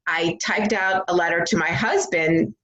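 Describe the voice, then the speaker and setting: A woman as an interview guest, candidly retelling her recovery story in an earnest, animated way with frequent fillers. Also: fairly low pitch, a little slow. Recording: echoey room.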